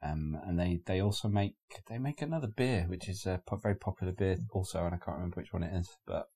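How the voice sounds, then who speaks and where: A very deep-voiced man talks in a loose, easygoing way on a podcast, trailing off and restarting often. His speech is unhurried and conversational. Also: breathy edge. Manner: relaxed, rambling, many fillers and restarts. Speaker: guest, beer delivery business owner. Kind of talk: casual podcast chat.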